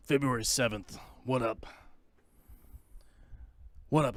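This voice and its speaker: A man's voice: mid-range voice, a little slow, long pauses, dry recording, clean studio sound. Goofy rambling male podcast host. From United States. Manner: playful, rambling, joking asides. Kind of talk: goofy live-stream opening banter.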